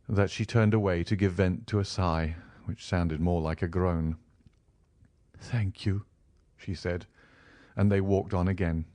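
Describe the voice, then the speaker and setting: A man narrating a classic novel as an audiobook, in a measured, even storytelling manner. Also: low-pitched, no room sound. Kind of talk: scripted narration.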